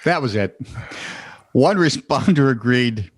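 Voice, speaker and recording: Unhurried yet animated, this American co-host of a comedic news podcast chats casually, teasing and cracking jokes with frequent laughter. His mid-range voice has a breathy edge, and there's no echo on the recording.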